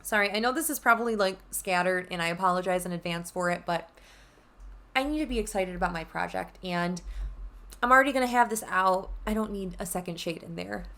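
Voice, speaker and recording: A woman's voice: on the low side, fairly quick, fairly bright tone. A young adult woman chatting casually in a makeup vlog, bubbly and gushing. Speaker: beauty vlogger.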